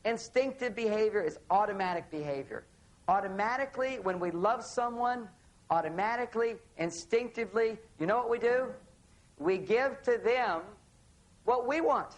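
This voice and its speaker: A man giving a seminar talk on relationships, telling an anecdote in an animated way and acting out bits of dialogue. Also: sits high, normal speed, poor audio. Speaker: relationship author speaking on stage.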